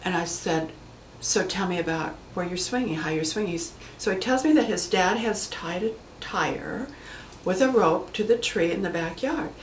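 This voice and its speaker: A woman hypnotherapist telling stories about her clients in a lively way, acting out the voices of the people in them. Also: fairly low pitch, normal speed, reverberant, a little hiss or hum, low-quality recording. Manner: animated storyteller acting out quoted voices. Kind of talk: anecdotal storytelling talk.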